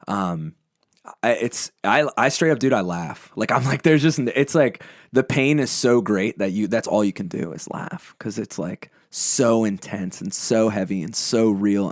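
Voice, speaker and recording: A man's voice: on the low side, no room sound, studio quality. A young man, a podcast guest, talking bluntly and intensely in casual conversation, swearing heavily as he tells personal stories. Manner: blunt, heavy swearing, intense emotional storytelling. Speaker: podcast guest, band lead singer.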